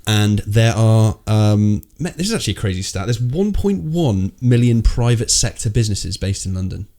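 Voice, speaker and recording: A man's voice: fairly low pitch, expressive, normal speed, mellow. A man hosting a casual pub chat podcast, blunt and sweary, teasing his co-host.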